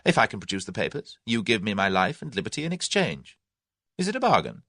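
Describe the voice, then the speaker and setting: A man's voice: lowish voice, huge pitch swings, quick pace, bright, forceful tone, dry recording, clean studio sound, full character voice. An actor reading the part of a brash young Englishman who taunts and bluffs his captors. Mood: cocky. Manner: cocky, taunting.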